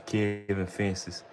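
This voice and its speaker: Laid-back low-voiced man chatting on stream. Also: noisy background. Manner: rambling, laid-back slang with frequent "bro" and "you know what I'm saying". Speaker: vlogger on a livestream. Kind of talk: casual livestream chat.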